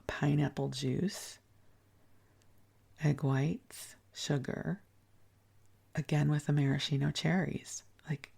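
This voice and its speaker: A soft-spoken woman reads old recipes aloud at bedtime. Her voice is husky with a gravelly edge, and she often sinks to a breathy whisper. She breaks off now and then for gentle, chatty remarks. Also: sits low. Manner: gentle, chatty asides between recipe readings. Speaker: sleep podcast host.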